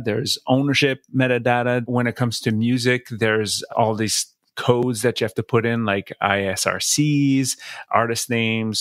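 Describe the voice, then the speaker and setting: A man with a French accent talks through his points calmly, leaning on fillers as he explains step by step. His voice sits on the low side and sounds close and dry, with no room around it. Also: dry recording. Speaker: podcast co-host. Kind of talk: casual explanatory chat.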